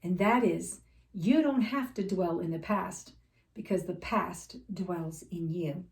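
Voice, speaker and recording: A woman's voice: fairly low pitch, slow pace, distant mic. A woman life coach sharing personal faith stories in an earnest, heartfelt storytelling manner, sometimes holding back tears. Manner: earnest storytelling, emotional at times. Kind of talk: faith-based personal talk. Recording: roomy sound, a bit off-mic.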